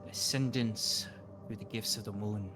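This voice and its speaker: A man voicing a cryptic, intense tabaxi cleric woman in a hushed, breathy, ominous manner. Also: lowish voice, fairly even intonation, measured pace, over music, natural voice. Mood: solemn.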